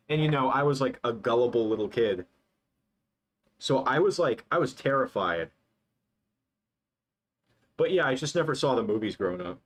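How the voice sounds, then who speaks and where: A man's voice: medium pitch, expressive, normal speed, pauses often. A young man in casual live-stream chat, answering viewers while he works, rambling and filling his talk with "like". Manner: rambling, full of "like" fillers. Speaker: livestreaming animator.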